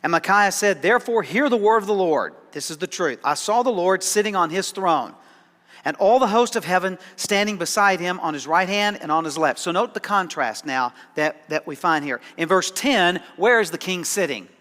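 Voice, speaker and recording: A man's voice: sits high, expressive, moderate pace, sharp tone, in a large hall. A man preaching a sermon as pastor, conversational and dryly sarcastic, often repeating words as he starts a thought. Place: church sanctuary.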